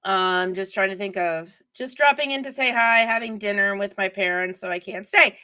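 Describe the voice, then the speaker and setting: Woman host, bright tone, chatty, digressive, enthusiastic, casual live chat. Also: mid-range voice, normal speed, clear, resonant tone. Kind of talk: casual live chat reading viewer comments.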